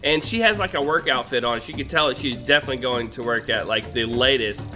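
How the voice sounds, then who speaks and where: A young man hosting a gaming session, telling a profane, animated story over voice chat. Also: medium pitch, fast. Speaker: gaming channel host. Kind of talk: casual voice chat while gaming. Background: background music.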